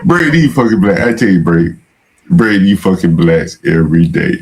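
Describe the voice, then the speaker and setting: A man co-hosting a casual podcast chat, breaking into drawn-out exclamations and laughing often. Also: low-pitched, noisy background. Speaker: co-host.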